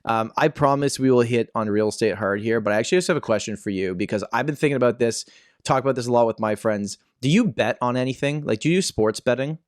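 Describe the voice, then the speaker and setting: A man's voice: mid-range voice, fast, no echo, studio quality. A man in his thirties from Canada hosting a casual podcast chat, telling stories with lots of fillers and restarts. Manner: chatty storyteller with frequent fillers and restarts. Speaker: podcast host and real estate agent.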